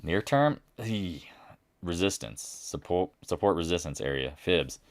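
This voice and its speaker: A man doing a live market chat, blunt and brash, swinging between loud remarks and muttered asides, and mocking other people in a higher voice when he quotes them. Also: lively intonation, measured pace, dry recording. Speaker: market commentator.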